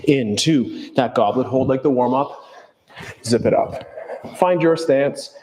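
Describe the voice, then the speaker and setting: A man fitness instructor explaining kettlebell moves calmly during a follow-along workout. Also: mid-range voice, slow pace, big-room sound, a little hiss or hum. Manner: calm, explanatory coaching cues.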